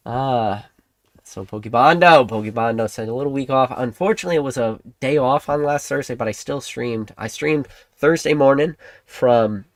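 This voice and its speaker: A man hosting a livestream, ranting excitably to his chat, laughing often and swinging between loud outbursts and hushed asides. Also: medium pitch, no room sound. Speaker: livestream host.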